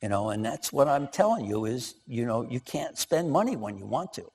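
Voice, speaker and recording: A man voicing a quiet, introverted husband who talks reluctantly about his worries, in a lecture hall with long reverb. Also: mid-range voice, very animated, normal speed, a little hiss or hum.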